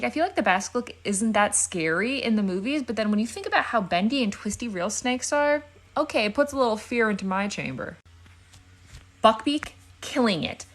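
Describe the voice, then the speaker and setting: A woman's voice: fairly high pitch, a bit bright. Chatty, playful young woman. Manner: chatty and playful, quick asides. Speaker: video creator. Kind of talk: casual reaction commentary.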